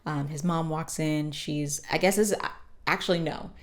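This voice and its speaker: A woman hosting a podcast, casually recapping a cartoon episode with swearing and quick character voices. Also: sits low, fairly even intonation. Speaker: podcast host.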